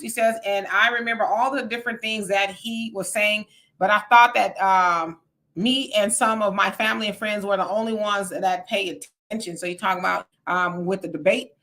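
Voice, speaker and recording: A woman's voice: mid-range voice, normal speed, sharp tone. A woman hosting a casual livestream, reading viewer comments aloud and reacting to them as she talks straight to her audience. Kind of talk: casual live chat.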